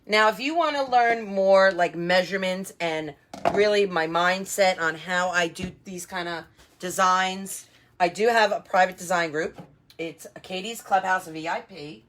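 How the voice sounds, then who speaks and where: A woman's voice: fairly low pitch, unhurried, fairly bright tone, a little hiss or hum. Chatty woman teaching a wreath craft live. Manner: chatty and upbeat, many fillers and asides to viewers. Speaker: wreath designer and craft instructor. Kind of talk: live craft tutorial with viewer shout-outs.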